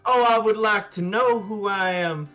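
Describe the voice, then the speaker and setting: A man voicing a flattering adventurer with a put-on Southern drawl, overly gallant and folksy, on a dull lo-fi mic. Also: high-pitched, measured pace, soft background music, voice pushed up.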